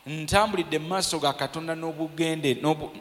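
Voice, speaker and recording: A man preaching a sermon in short bursts, pausing between phrases so that an interpreter can translate. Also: fairly high pitch, steady tone, a bit bright, long reverb tail, a little hiss or hum.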